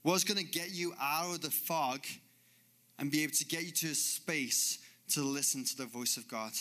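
A man's voice: a little high, moderate pace, bright, forceful tone. A man pastor preaching a sermon on a church stage, with an earnest, repetitive cadence.

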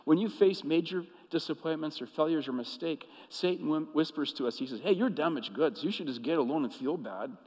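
A man preaching a sermon as pastor, telling stories and moving between hushed, intimate passages and emphatic, rising ones. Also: a little high, animated, brisk, hardly any pauses, long reverb tail, low-quality recording.

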